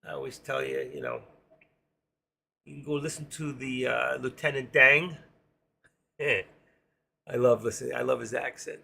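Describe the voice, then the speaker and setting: A man's voice: medium pitch, expressive, moderate pace, creaky, pauses often, pushed and bright, slightly rough. A middle-aged man with a New York accent, chatting casually on his trading live stream and reading viewer comments aloud.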